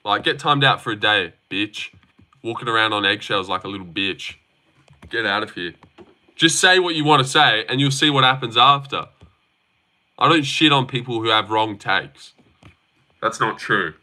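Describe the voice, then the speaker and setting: A man's voice: mid-range voice, expressive, normal speed, sharp tone. A young man hosting a casual livestream, bantering brashly and profanely with his chat as he reads their comments. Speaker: livestream host.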